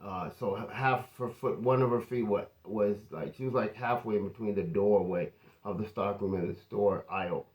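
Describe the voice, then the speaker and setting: A pastor telling a personal testimony in an earnest, conversational way. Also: male voice, lowish voice, moderate pace, a little mellow.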